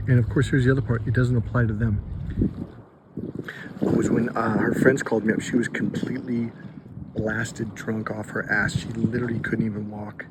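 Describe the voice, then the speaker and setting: A man's voice: mid-range voice, little pitch movement, moderate pace, long pauses, very noisy. Blunt, profane male dating coach. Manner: blunt and profane, rambling with fillers. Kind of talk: casual advice monologue to camera.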